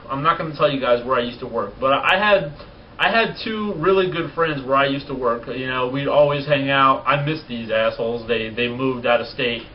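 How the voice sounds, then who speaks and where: A man in his twenties talking casually on a vlog, blunt and profane, rants that get animated. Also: a little high. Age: 20s. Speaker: vlogger. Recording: distant lo-fi mic with faint noise.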